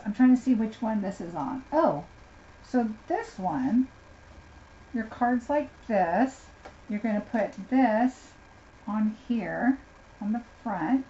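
A craft demonstrator with a warm, fairly high voice does a chatty live unboxing, gushing over every craft item and addressing viewers by name. The sound is slightly dull and lo-fi, with faint noise.

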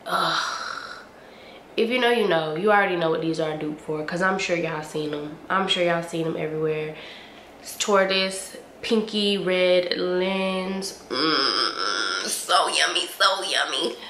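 A young woman gushes over her finds to camera, slangy and playful, stretching her hums and words out slowly. Her voice sits a little low, a touch sniffly, and the room gives it a noticeable echo over a faint hiss. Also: fairly bright tone. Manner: gushing, playful, drawn-out hums and slangy asides. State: sniffly from allergies. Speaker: beauty and fashion vlogger. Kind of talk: casual haul review to camera. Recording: roomy echo with faint ambient noise.

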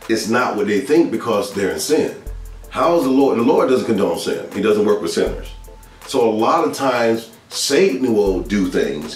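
A man from Georgia, earnestly telling a spiritual testimony in a casual, storytelling way that repeats its phrases. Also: on the low side. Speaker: speaker sharing testimony. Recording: echoey room with faint music, mic at a distance.

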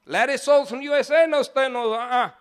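A man's voice: very high voice, brisk, clear, resonant tone, pitched above the performer's own voice. A man imitating a wealthy, heavyset Trinidadian businessman who talks in clipped, broken English and gives brusque commands. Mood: commanding. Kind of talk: mimicry within a sermon story.

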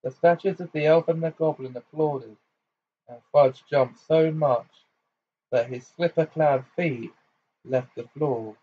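A man reading a novel aloud in plain, steady narration with small slips. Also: a little high, unhurried, husky. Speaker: audiobook reader. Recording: slightly muffled home recording.

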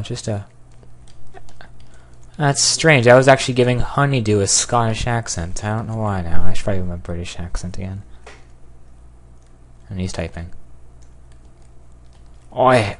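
A man giving casual gameplay commentary, excitable, yelping and cursing at what happens on screen. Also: deep voice. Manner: excitable, yelps and curses at the game. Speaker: gamer.

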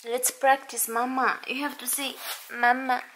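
Playful mother, slow baby talk. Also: fairly high pitch, animated, a bit bright. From Romania. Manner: playful sing-song baby talk, laughing often. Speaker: mother and vlogger. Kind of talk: talking to her baby on a home vlog.

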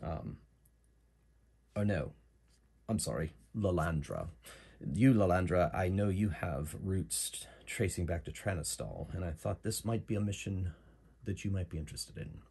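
A man with a deep, husky voice voicing a composed, bespectacled woman patron, speaking softly and in a measured way. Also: big pitch swings, exaggerated voice. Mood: earnest.

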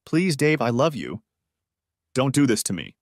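A man's voice: big pitch swings, a little slow, no room sound, studio quality. Man voicing a stammering cheating wife. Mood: pleading. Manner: higher, stammering, tearful pleading. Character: cheating young wife, woman, flustered and pleading.

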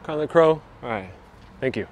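Speaking briskly and expressively in a medium-pitched voice, a man livestreams his walk through town, joking and replying to comments from viewers. A little hiss or hum comes through his wireless clip-on mic.

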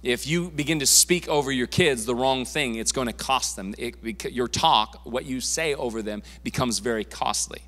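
A man's voice: mid-range voice, moderate pace, few pauses, a bit bright. A man preaching a sermon as pastor, in a casual, conversational way with everyday slang. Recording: long church hall reverb.

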